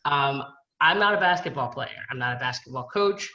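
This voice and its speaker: A woman's voice: a bass voice, animated, normal speed, pushed and bright, muffled recording. A woman who coaches college field hockey, talking in an earnest panel discussion and asking rhetorical questions. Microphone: video call.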